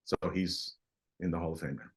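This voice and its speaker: His voice sits low as this middle-aged man, a guest artist, tells anecdotes in a casual interview. The telling is energetic but broken up by repeated restarts.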